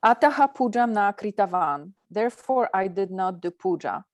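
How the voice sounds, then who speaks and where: A woman's voice: medium pitch, lively intonation, moderate pace, no room sound. A woman student in a language class, carefully reading a passage and translating it.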